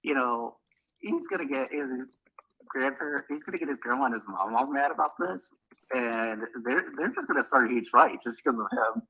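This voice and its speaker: Bright-voiced man choosing words carefully. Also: medium pitch, lively intonation, normal speed, slightly rough, rough recording. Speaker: stream guest.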